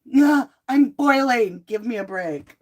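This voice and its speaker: A middle-aged woman chats casually into a home desk mic. She is blunt and animated, and she throws in lively asides. She sounds a little sick from a cold and cough medicine. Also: on the high side, slow. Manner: chatty, blunt, animated asides and mock quotes. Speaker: host of a live true crime tarot chat. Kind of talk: casual livestream chat.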